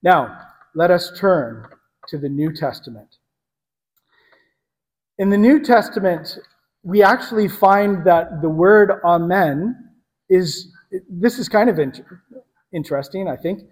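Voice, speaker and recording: A man preaching a sermon to a congregation in a conversational teaching manner, pausing to correct himself. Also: high-pitched, big-room sound, low-quality recording.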